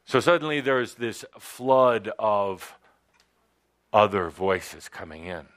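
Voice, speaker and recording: A man teaching a spiritual workshop to a studio audience, talking in halting phrases with frequent pauses. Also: on the low side, expressive, fairly bright tone. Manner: halting, hesitant with many pauses and fillers.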